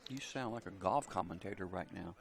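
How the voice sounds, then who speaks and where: Gravelly low-voiced male co-commentator. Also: brisk. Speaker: color commentator. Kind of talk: casual commentary chat.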